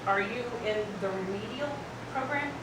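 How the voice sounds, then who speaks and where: A woman's voice: medium pitch, normal speed, lightly acted. Improv: woman playing sarcastic bus driver, far from the mic, noisy room. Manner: sarcastic, needling. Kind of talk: live improv comedy. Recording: echoey club from far off.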